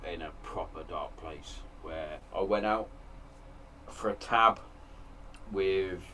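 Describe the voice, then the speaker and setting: A very deep-voiced man talks openly and emotionally as a podcast host. He swears freely in a relaxed chat. Faint background hiss sits under the recording made in a home shed. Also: takes it slowly. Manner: frank, emotional, heavy swearing. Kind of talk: candid casual chat.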